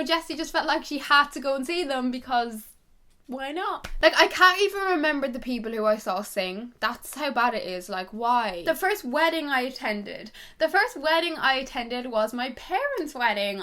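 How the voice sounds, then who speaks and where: A woman's voice: sits high, lively intonation, moderate pace, pushed and bright. A young woman, chatting to camera and telling stories in a gossipy way. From Ireland. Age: young adult. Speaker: YouTuber. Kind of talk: casual chat to camera.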